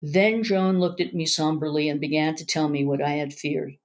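A woman's voice: deep voice, fairly even intonation, moderate pace, darkish tone. A woman narrating a first-person memoir aloud in an earnest, emotional way.

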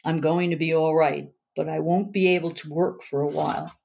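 A soft-spoken female therapist with a calm, reassuring way of talking, voiced by a woman reading a story. Her words come simply and gently, like comfort to a child. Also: low voice, normal speed, vocal fry. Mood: gentle.

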